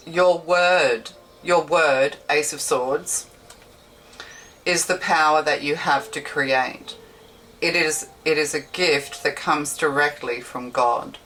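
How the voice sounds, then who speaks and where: With a deep yet fairly bright voice, a woman does a casual tarot reading, rambling and talkative and frequently fixing what she says mid-sentence. The mic sits a bit far away, and a faint hiss runs underneath.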